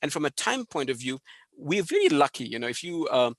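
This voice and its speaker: South African man on a video call, quick, eager, slightly high voice. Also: sing-song, no room sound. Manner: enthusiastic, listing points rapidly. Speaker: guest speaker. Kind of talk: webinar conversation.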